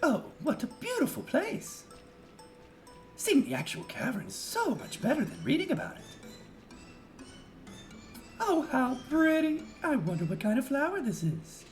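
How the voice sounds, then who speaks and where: A man voicing a gentle young princess who sounds breathless and awed. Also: very high voice, huge pitch swings, unhurried, long pauses, faint music behind, pitched above the performer's own voice, heavily acted, low-quality recording.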